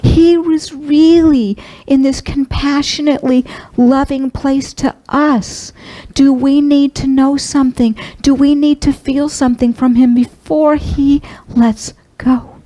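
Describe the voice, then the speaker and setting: A middle-aged woman minister giving a sermon, telling a personal story in a tender, heartfelt, halting way. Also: high voice, steady tone, mellow, rough recording.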